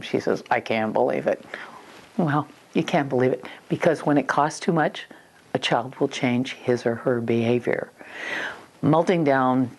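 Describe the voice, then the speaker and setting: A woman's voice: rumbling low, a little mellow. A woman parenting coach giving firm, matter-of-fact advice on handling children, with some fillers and restarts.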